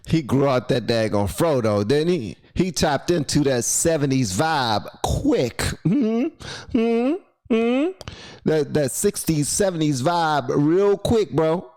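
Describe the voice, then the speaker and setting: A man's voice: fairly high pitch, measured pace, few pauses, a little mellow. A man hosting a reaction video, chatting casually and playfully, sometimes slipping into a rhyming preacher cadence.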